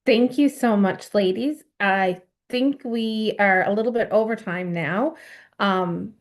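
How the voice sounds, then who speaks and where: A woman leading a group video call, giving short, gentle, affirming replies. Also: mid-range voice, slow pace. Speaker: circle facilitator.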